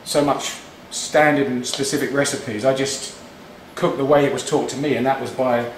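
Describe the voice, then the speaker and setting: A man's voice: mid-range voice, fairly even intonation, moderate pace, slight background noise. A man, casually talking through a home cooking demonstration in a chatty, rambling way. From England. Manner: chatty, rambling, with frequent restarts. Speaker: home cook host. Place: home kitchen. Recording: echoey kitchen, distant mic, frying sizzle.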